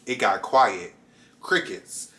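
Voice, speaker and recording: Bright-voiced young man telling a story. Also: slow. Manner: animated, jumps into high voices for quoted lines; talks straight to viewers. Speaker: vlogger. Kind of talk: casual storytime.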